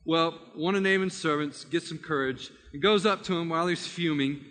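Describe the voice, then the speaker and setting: A male preacher tells a story in a sermon, animated and vivid, often restarting his phrases. His voice sits high and sounds bright and edgy. A long reverb from a hall trails after his words. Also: brisk.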